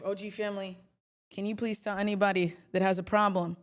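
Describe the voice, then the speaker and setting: A woman's voice: mid-range voice, fairly quick. Emphatic woman hosting a livestream. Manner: animated, emphatic, chatty. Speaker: trading livestream host. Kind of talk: casual livestream talk.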